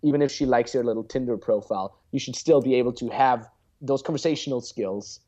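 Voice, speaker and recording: A man's voice: mid-range voice, brisk, warm tone, highs cut off. A man in his twenties, a guest dating coach, chatting casually in a blunt, profane way and acting out example lines. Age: 20s. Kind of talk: casual podcast chat.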